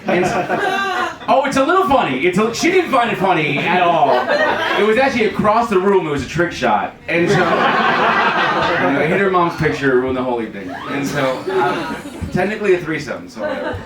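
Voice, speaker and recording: Young New comic, lively, roomy club. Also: male voice, on the high side, fairly quick, recorded from a distance, heavy background noise. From New York City. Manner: self-deprecating, dark deadpan jokes with loud shouted punchlines. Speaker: stand-up comedian. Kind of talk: stand-up comedy set. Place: comedy club stage, live crowd. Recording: roomy live club audio with crowd laughter.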